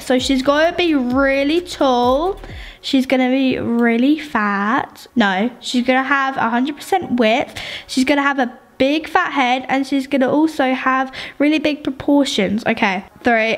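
A woman chatting excitedly through a gameplay video, playful and quick to exclaim. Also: sits high. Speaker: gaming YouTuber. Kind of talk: Roblox gameplay commentary.

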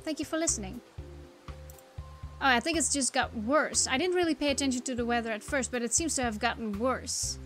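A young woman talks through a game with chatty, wry asides. Her voice sits high, and faint game music runs underneath. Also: fast talker, hardly any pauses, a bit bright. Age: young adult. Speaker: game streamer. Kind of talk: let's-play commentary.

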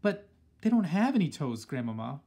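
A man's voice: fairly high pitch, big pitch swings, normal speed, mellow, breathy edge, exaggerated voice. A man doing an eager young boy-mouse.

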